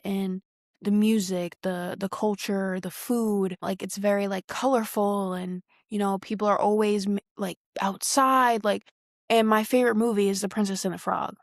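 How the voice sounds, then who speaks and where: A woman's voice: mid-range voice, vocal fry, no room sound, clean studio sound. A young woman from the US Northeast, hosting a podcast and rambling in a slangy, casual way that leans heavily on "like.". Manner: rambling, slangy, heavy use of "like". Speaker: podcast host. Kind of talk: casual solo podcast chat.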